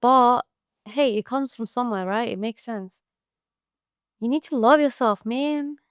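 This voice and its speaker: On her solo podcast, a woman with a smooth voice on the high side talks a little slowly, recorded clean in the studio with no room sound. Her casual monologue is blunt and full of profanity, a tough-love pep talk.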